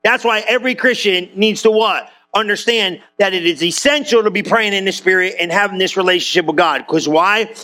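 A man preaching, his voice high and bright. He keeps tossing questions back to the congregation as he goes, in a loose, talky sermon style. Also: brisk, few pauses. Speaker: pastor.

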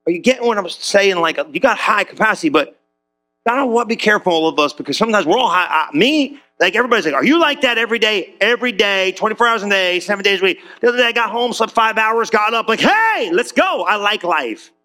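A pastor giving a lively, conversational sermon, often acting out quoted voices and restarting his sentences. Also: sits high, quick pace. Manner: repeats himself with restarts.

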